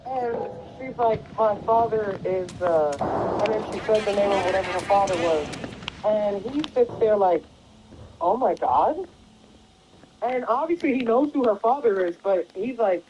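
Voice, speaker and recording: A woman streamer casually recounts a story while she plays, swearing freely and acting out the lines of each character. Her voice sits in a middle pitch. A faint hiss of noise runs underneath. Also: a little slow, rough recording. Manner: animated retelling with lots of swearing and acted quotes. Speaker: gaming streamer.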